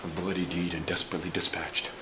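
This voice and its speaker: A man's voice: low-pitched, level tone, fast talker, noisy background, lightly acted. A man playing a remorseful murderer. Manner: rueful, remorseful. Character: guilt-stricken male assassin, conscience-torn. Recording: roomy church echo, faint ambience.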